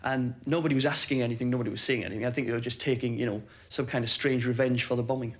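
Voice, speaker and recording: A man recounts his ordeal in quick, measured testimony. His pitch barely moves, and his words come steadily. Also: steady tone. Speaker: interviewee recalling captivity. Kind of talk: personal testimony.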